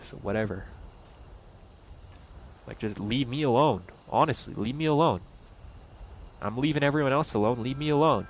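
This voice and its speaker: A young man in an angry, profane vlog rant, swinging between loud outbursts and low mutters. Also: moderate pace, pauses often, a little hiss or hum. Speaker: vlogger. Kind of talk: angry personal rant to camera.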